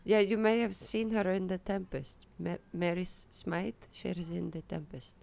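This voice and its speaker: Woman as a shy, earnest young nun; halting, gravelly, low-pitched. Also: little pitch movement, darkish tone. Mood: awkward. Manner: hesitant, stammering.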